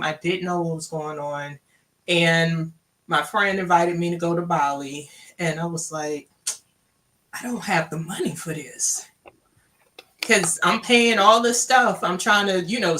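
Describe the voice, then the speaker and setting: A woman's voice: on the low side, bright, forceful tone. A woman from Louisiana, candidly telling her personal story and acting out the dialogue she quotes. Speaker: guest sharing her story.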